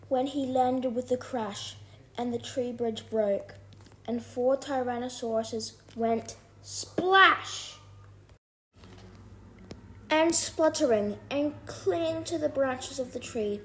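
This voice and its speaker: A woman reading a rhyming children's storybook aloud in an expressive, rhythmic way. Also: high voice. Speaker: storybook reader.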